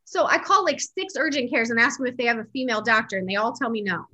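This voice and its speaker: High, bright-voiced woman telling a story. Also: fast. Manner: animated, laughs often, acts out quotes. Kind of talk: casual chat storytelling.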